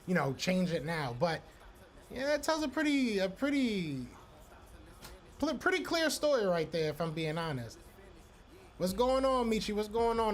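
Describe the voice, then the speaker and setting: A man hosting a live podcast stream, casually reacting to chat and repeating himself. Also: high voice. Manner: loose, repetitive, talks to chat by name.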